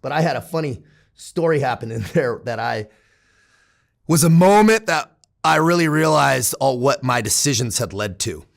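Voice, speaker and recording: Gravelly, profane man telling stories. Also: mid-range voice, expressive, moderate pace. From San Diego, United States. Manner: profane, candid, laughs while telling. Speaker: interview guest. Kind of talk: casual storytelling.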